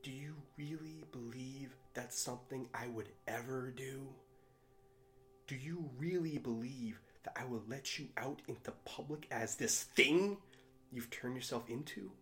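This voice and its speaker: A man's voice: medium pitch, a little slow, fairly bright tone, lightly acted. A man reading aloud and voicing a cold, contemptuous father who speaks in a clipped, scornful way.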